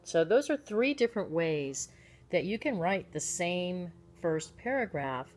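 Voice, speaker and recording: A woman with a notably low-pitched voice teaches a recorded writing lesson. She talks through example texts step by step. Her delivery is unscripted, with frequent ums and restarts. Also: sing-song, measured pace, darkish tone.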